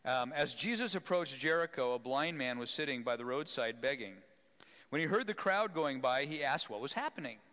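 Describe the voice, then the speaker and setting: Animated, bright-voiced male preacher in a hall. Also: mid-range voice, normal speed. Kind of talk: sermon storytelling.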